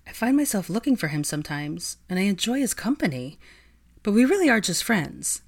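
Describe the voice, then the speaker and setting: A woman's voice: medium pitch, very animated, creaky, voice pushed up. A woman voicing a clever young female student who gets defensive and flustered. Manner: defensive, quick protesting.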